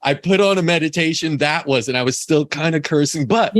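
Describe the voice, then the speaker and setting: A man's voice: fairly high pitch, brisk, a bit bright, no echo. A man hosting an interview in a chatty way, laughing easily and sharing his own stories. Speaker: podcast host. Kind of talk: casual interview talk.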